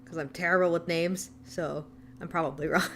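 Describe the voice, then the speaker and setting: Chatty young American woman, low-pitched. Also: steady tone, moderate pace, fairly bright tone, a little hiss or hum. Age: young adult. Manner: chatty, self-deprecating, laughs often; talks while eating. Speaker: artist streaming while drawing. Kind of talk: casual chat.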